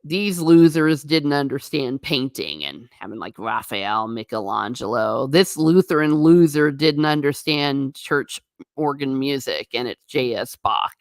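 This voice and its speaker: A woman's voice: extremely low pitch, expressive, measured pace, dry recording, studio quality. A woman hosting her own channel, musing alone in her living room in a chatty, rambling way with sarcastic asides. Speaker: channel host. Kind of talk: casual solo musing.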